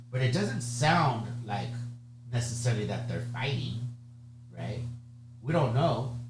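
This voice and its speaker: A man of middle pitch talks through an exam question like a tutor, loose and chatty, often stopping to ask "okay?" or "right?". The room is echoey and a steady hum runs under his voice. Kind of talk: conversational exam lecture.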